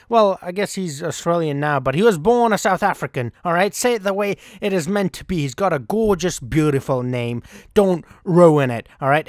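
A man's voice: high voice, no echo, studio quality. A young man casually commenting while playing a cricket video game, rambling and swearing offhandedly. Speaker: gaming channel host.

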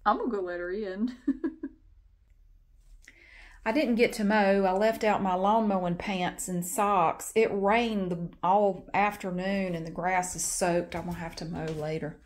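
A woman's voice: mid-range voice, fairly even intonation, measured pace. A woman chatting casually in a home vlog, switching into sing-song baby talk when she speaks to her cats. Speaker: vlogger. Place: at home, in a bathroom.

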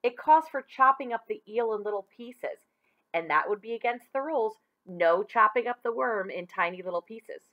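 A woman's voice: on the high side, animated, moderate pace, highs cut off, natural voice. A woman reading aloud, voicing a cheerful mother who firmly keeps to the rules of a bet. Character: warm, proud mother cooking for her son. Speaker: referee of a bet.

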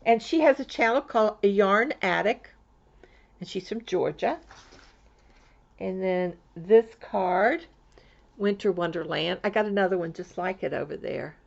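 A woman's voice: medium pitch, expressive, unhurried, gravelly. A woman from Florida chatting in a rambling way on her crafting vlog, with many restarts. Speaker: crafting vlogger. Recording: dull lo-fi home recording.

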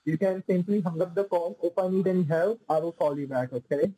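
Husky man repeating "sir" on a call. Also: high-pitched, brisk, dark tone, no echo, rough recording. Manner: repetitive, fills speech with "like" and "sir". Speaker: phone scammer posing as support agent. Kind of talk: phone call.

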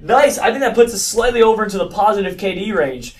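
A man giving excited gameplay commentary, stammering and restarting with frequent exclamations. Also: high-pitched, quick pace, few pauses, distant mic. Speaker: gaming video host.

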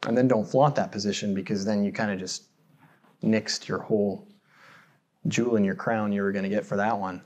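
A man's voice: fairly low pitch, steady tone, a little fast, darkish tone. A man from the United States preaching a sermon in a church, conversational and self-deprecating, often putting rhetorical questions to the congregation. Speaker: pastor.

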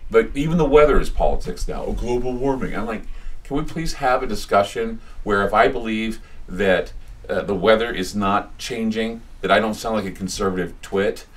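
A man's voice: lowish voice, moderate pace, far from the mic. A radio host from the United States giving a casual talk in a small bookstore, a chatty and rambling storyteller who often restarts his sentences. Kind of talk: casual public talk with anecdotes.

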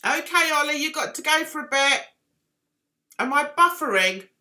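A chatty woman livestream host rambles, makes self-deprecating remarks, and reads chat out loud as she talks with viewers. Her high voice has lively intonation, a sharp tone, and a moderate pace.

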